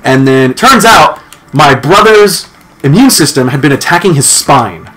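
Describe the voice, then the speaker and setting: Young man, podcast co-host, casual rambling storyteller, slightly high voice. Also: very animated, moderate pace, fairly bright tone. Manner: rambling storyteller, acts out family quotes with laughs.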